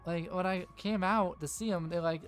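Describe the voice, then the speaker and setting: A man's voice: sits high, fairly even intonation, normal speed, soft background music. A man narrating as game master of a tabletop game, rambling with many fillers.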